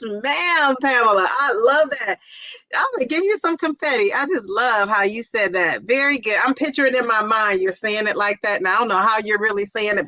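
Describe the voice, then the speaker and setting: A middle-aged woman hosts a casual livestream and chats through viewer comments with frequent laughs. Her voice is fairly high and bright. The sound is close and dry. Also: dry recording, dull audio. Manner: chatty, laughs often, exclaims "Jeez Louise". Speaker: livestream host.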